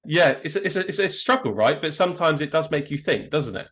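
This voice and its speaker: Interviewed on a podcast as a guest photographer, an Englishman with a southern English accent chats casually, sounding eager and self-deprecating and frequently starting his words over. His voice sits on the high side, expressive and a bit bright, and he talks fairly quickly.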